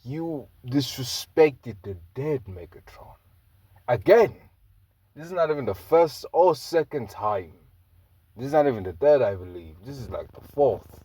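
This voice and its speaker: A man voicing a solemn male robot leader, low and heavy when angry, in a fan-made storytelling video. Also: expressive, measured pace, dark tone, husky, no echo. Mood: furious.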